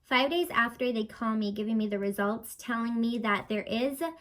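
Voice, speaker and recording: A woman's voice: on the high side, moderate pace, poor audio. Chatty young woman telling a story. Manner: chatty, lots of fillers, animated retelling. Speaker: vlogger. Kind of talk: casual storytelling vlog.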